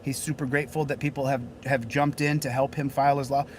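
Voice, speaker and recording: A man's voice: medium pitch, little pitch movement, fast talker, a little mellow, a little hiss or hum, poor audio. A man hosting a casual livestream outdoors, hot and sweating, talking in a rambling way with many repeated phrases. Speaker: livestreaming channel host. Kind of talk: casual live-stream chat.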